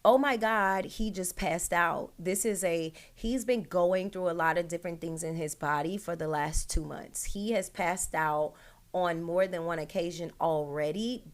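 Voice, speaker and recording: A woman's voice: on the low side, fairly even intonation, moderate pace. A woman hosting her own show, telling an emotional personal story straight to her listeners with many "like" and "right?".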